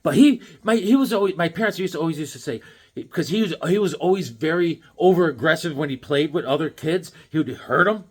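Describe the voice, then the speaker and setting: A man chatting casually on his vlog as he shows off new comics, rambling and excitable, throwing in corny jokes. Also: a little high, a little fast, breathy edge. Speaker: comic book collector showing new comics.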